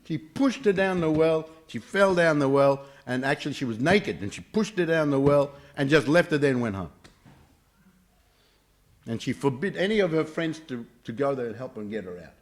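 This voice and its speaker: A man's voice: a little high, lively intonation, moderate pace. Storytelling male teacher of a morning class. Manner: storytelling, many hesitations. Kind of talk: scripture class with told stories. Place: temple class room.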